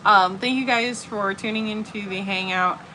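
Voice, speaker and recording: A woman's voice: medium pitch, steady tone, normal speed, sharp tone, slight background noise, poor audio. A young woman hosting a casual stream, telling stories and laughing often. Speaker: streamer host. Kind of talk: casual chat. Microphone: earbuds.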